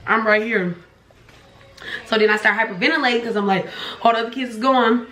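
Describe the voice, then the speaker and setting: A young woman, telling a story casually while eating, acting out voices with sharp pitch jumps. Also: brisk, reverberant. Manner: animated storytelling, acts out dialogue with pitch jumps. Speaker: vlogger. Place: home room.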